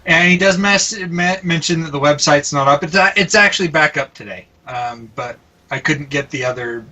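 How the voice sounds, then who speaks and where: Podcast guy reading an email, slightly high voice, keeps stumbling and laughing, sounds off mic. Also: pushed and bright, recorded from a distance, rough recording. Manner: halting, laughs often, stumbles over words. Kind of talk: casual podcast chat.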